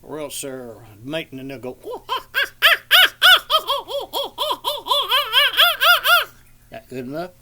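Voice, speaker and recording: A man's voice: mid-range voice, a little fast, hardly any pauses, very noisy. An older man with a Southern American accent chatting casually outdoors in a backyard, rambling in a folksy way and imitating bird calls. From southeastern Georgia, USA. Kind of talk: casual outdoor chat with bird call demonstrations.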